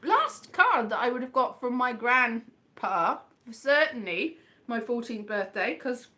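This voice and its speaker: West Country woman comic, livestream chat host, rambling and self-mocking, bright high-ish voice. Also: very animated, takes it slowly. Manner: rambling, self-deprecating, chatty. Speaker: comedian hosting a livestream.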